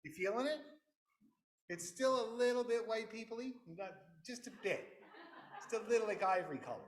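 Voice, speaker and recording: A man leading a fiddle orchestra rehearsal, counting the players in loudly, singing rhythms aloud and joking as he teaches. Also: high voice, lively intonation, moderate pace. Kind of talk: rehearsal instruction. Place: rehearsal room with fiddles playing. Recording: echoey room, loud fiddles behind.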